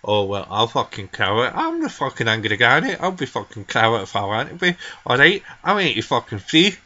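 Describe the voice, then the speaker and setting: A man's voice: mid-range voice, wildly swooping pitch, brisk, bright, forceful tone, heavily acted. A man voicing a foul-mouthed, furious Scottish granny in her eighties, ranting and swearing nonstop in a comedy vlog. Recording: dull lo-fi home recording.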